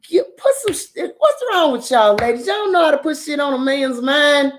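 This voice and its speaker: A woman's voice: sits high, expressive, normal speed. A woman hosting a show, talking casually to her viewers and giving blunt, profane dating advice with lots of laughter. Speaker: host.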